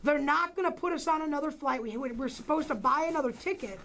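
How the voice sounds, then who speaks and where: A woman hosting a casual livestream, animated and exclaiming often, swearing freely as she talks to her viewers. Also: high voice, fast, slight background noise, low-quality recording. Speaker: livestream host.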